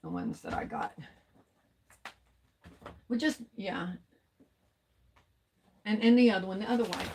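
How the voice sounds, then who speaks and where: A woman's voice: medium pitch, wildly swooping pitch, noisy background. A woman, chatting casually with viewers on a craft livestream and drawing out her words. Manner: chatty, drawn-out, talks to viewers. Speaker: craft vlogger.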